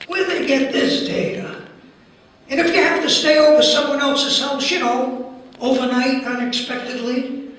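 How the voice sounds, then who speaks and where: A man's voice: very high-pitched, flat delivery, measured pace, fairly bright tone, a little hiss or hum. A man doing an impression of an older stand-up comic at a conference, sardonic and rhythmic, piling up lists. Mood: wry. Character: older male stand-up comic, wry and ranting. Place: conference hall. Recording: echoey hall, heard from far off.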